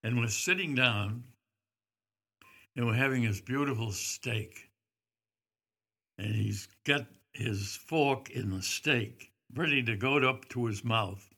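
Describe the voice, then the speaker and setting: Slow, bright-voiced older man spinning a yarn. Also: medium pitch. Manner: rambling, halting with frequent "uh" fillers. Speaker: storyteller recalling a celebrity visit. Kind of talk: casual anecdote.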